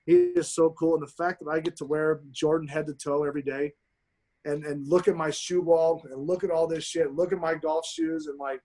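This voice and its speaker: A man guesting on a podcast, telling stories in a casual chat, swearing constantly and talking with excited emphasis. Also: fairly high pitch, fairly quick.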